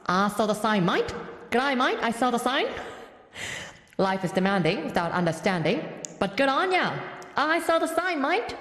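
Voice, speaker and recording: A woman's voice: on the high side, big pitch swings, normal speed, long pauses, fairly bright tone, echoey room, long reverb tail. A woman voicing a cheery, slang-heavy Australian woman who drawls song lyrics. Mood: breezy. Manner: drawling, sprinkles slang into every line.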